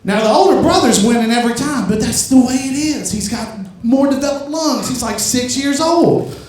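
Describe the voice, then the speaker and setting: High-voiced man doing stand-up, echoey club. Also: moderate pace. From Louisiana. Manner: rambling, builds into shouted rants. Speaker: stand-up comedian. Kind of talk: stand-up comedy set. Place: comedy club stage. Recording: echoey club from far off mic.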